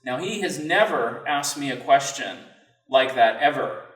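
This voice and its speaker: A man as a podcast guest, telling a personal story in an earnest, reflective and halting way. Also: mid-range voice, expressive, fairly bright tone. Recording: roomy sound, mic at a distance.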